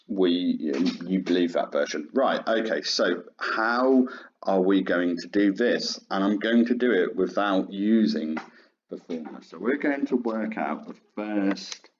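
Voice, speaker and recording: A man's voice: deep voice, a little mellow. A man teaching a maths lesson, chatty and informal with lots of fillers. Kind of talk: classroom lesson. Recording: dull lo-fi sound.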